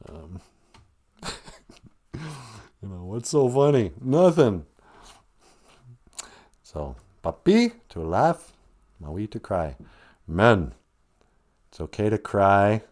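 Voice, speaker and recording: A man's voice: deep voice, a little mellow. A man hosting a livestream, giving humorous casual advice and laughing between lines. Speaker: livestream host and language teacher.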